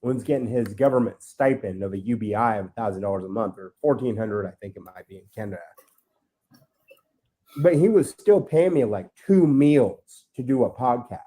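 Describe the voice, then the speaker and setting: A man's voice: mid-range voice, moderate pace, dark tone, breathy edge. A man talking as a podcast guest, rambling and aggrieved, swearing freely. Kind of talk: ranting podcast talk.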